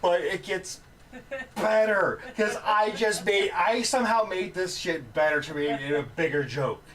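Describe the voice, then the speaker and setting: A man's voice: a little high, moderate pace, a crowd in the background. A man co-hosting a podcast, telling profane stories in casual chat. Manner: profane, animated storyteller. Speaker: podcast co-host. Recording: distant mic with faint noise.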